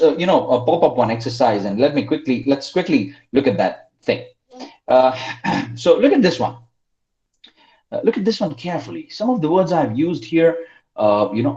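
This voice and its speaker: A man teaching an online class, quizzing his students by name in a lively way. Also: medium pitch. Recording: roomy, dull lo-fi online call audio.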